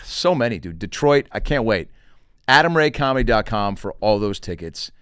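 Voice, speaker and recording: Animated, joking man hosting a podcast. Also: on the low side, smooth, dry recording, clean studio sound. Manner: animated, joking, swearing, does quick voices for quotes. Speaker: podcast host and comedian. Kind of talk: casual solo podcast monologue.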